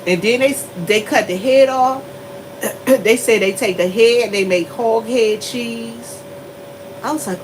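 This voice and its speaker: Animated woman telling a story. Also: a little slow, noisy background. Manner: animated, laughing often, shifts into high squeals. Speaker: vlogger. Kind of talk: casual storytelling to viewers.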